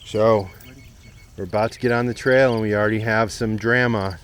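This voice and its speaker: Walking a mountain trail, a man hosts a travel vlog, chatting to the camera in an easygoing, enthusiastic way about the sights. His lowish, a bit bright voice keeps a fairly even intonation at a normal speed, with slight background noise.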